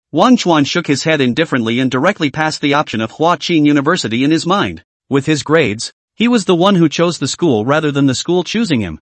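Male narrator, scripted recap, higher lively voice, dry. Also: dry recording.

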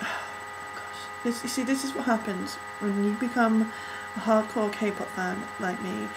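A woman gushing over a music video in an excitable, flustered reaction vlog, out of breath and struggling to calm down. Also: mid-range voice, moderate pace, creaky, noisy background.

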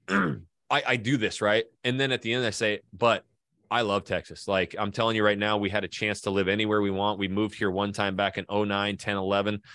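A man's voice: lowish voice, fairly bright tone, no room sound, studio quality. A man from Idaho, a guest in a casual interview, telling long stories and swearing casually. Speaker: guest, real estate agent and video creator.

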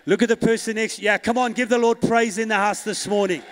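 A man with a high voice delivers a sermon, leading the congregation in responses and rising into bold declarations. His voice carries a long reverb through a church hall. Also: fairly even intonation, fairly quick, a little hiss or hum. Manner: call-and-response preaching, rising to loud declarations. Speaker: pastor.

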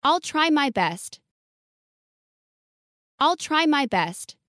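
A woman's voice: sits high, big pitch swings, very slow, fairly bright tone, no echo, studio quality. A woman reading short English phrases for learners, enunciating each one carefully and saying it twice. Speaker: English model reader.

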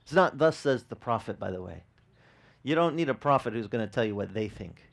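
Male pastor, mid-pitched, chatty animated sermon with audience questions and repeated restarts. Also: fairly quick, gravelly. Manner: animated, asks the congregation questions. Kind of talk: conversational sermon.

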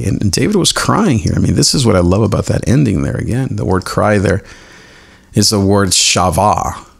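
Man, podcast host, devotional teaching, gravelly, animated, self-mocking. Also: lowish voice. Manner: explains Hebrew words slowly and deliberately.

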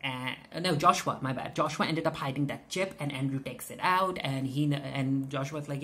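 Low-voiced woman recapping a TV episode. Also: moderate pace, few pauses, bright, forceful tone. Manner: chatty, many filler "uh"s and restarts, retells scenes with quoted lines. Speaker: TV recap reviewer. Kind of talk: casual recap commentary.

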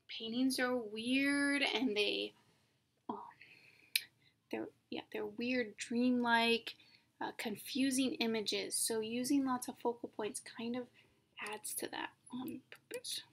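A woman's voice: fairly high pitch, fairly bright tone. A young woman teaching an art lesson over slides. She is informal and thinks aloud, with many ums and self-corrections. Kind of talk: casual recorded lecture over slides.

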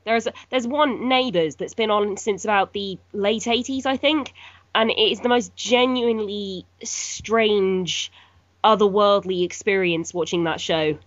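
A woman's voice: medium pitch, unhurried, no room sound, highs cut off. Dry, teasing British woman. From United Kingdom. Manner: dry, teasing, swears freely. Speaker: podcast co-host. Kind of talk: casual chat.

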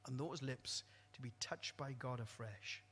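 A man preaching a sermon, swinging from loud exclamations to quiet, low asides. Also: unhurried, slightly rough. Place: church hall. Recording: long echo of a church hall.

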